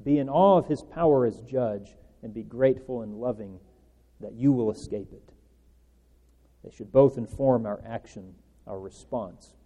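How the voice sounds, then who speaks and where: A man preaching an earnest sermon, pressing certain words and letting his phrase endings trail off softly. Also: mid-range voice, a little slow. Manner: earnest, rising and falling emphasis with soft trailing endings. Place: church hall. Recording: long church reverb.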